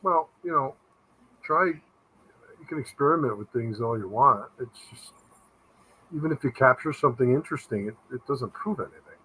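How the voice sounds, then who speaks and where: Bright-voiced skeptical man telling stories. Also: medium pitch, moderate pace, long pauses, slight background noise, rough recording. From Connecticut, USA. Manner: blunt, skeptical storyteller. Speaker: guest, paranormal investigator. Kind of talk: casual chat.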